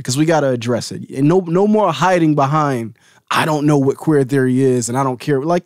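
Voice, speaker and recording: A man hosting a solo podcast, giving a heated, profane and confrontational rant that now and then drops to a low, calm voice. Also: no room sound, clean studio sound. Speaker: host.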